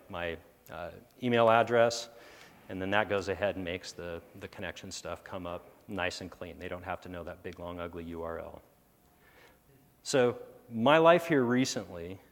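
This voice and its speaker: Male conference presenter, lower voice, sarcastic asides, fillers and restarts, recorded in an echoey hall. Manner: thinks aloud with frequent fillers and restarts. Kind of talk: technical conference talk.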